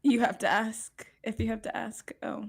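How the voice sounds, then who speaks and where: A woman's voice: on the high side, little pitch movement, normal speed, gravelly, breathy edge. A woman co-hosting a podcast, laid-back and wry, often laughing. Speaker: podcast co-host. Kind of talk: casual podcast chat.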